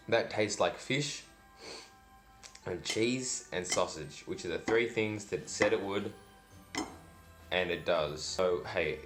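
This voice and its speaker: Deep-voiced man rambling through a food review. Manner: dry, self-deprecating, rambling with fillers. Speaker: food vlogger. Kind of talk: casual food review vlog.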